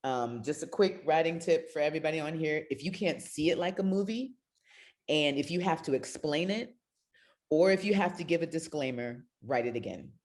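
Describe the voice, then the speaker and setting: A woman's voice: deep voice, normal speed, darkish tone. A middle-aged woman spoken word poet talking earnestly on a video call, emotional and close to tears. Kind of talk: casual talk on a video call.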